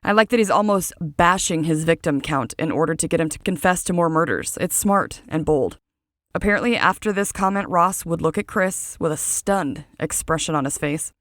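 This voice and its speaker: A woman narrates true crime in a fairly low voice. She reads from a script and drops in casual personal comments. The recording is dry and close. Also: moderate pace, a bit bright, no room sound. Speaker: true crime podcast host.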